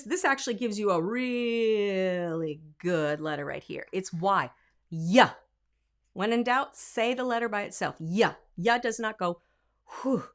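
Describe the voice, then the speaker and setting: Woman vocal coach teaching singing. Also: fairly high pitch. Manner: explaining, breaks into sung and spoken examples. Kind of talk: vocal lesson with sung demonstrations.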